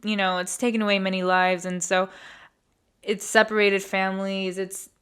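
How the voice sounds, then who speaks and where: A woman's voice: mid-range voice, level tone, normal speed, a bit bright, smooth. A woman in her twenties hosting a podcast, telling a personal story in a candid, chatty way with frequent swearing. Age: 20s. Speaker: podcast host. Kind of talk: casual storytelling monologue.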